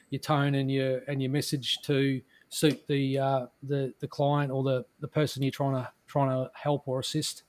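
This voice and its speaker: A man on an online call, rambling casually with lots of repeated words and trailing, quieter asides. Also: dry recording. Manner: rambling, repeats words, drops his voice low. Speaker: guest on a crypto stream. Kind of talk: casual chat.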